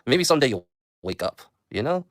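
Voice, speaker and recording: A man's voice: medium pitch, very animated, a little fast, dry recording, clean studio sound. A man hosting his own livestream, talking casually in a meandering way and taunting viewers. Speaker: livestream host.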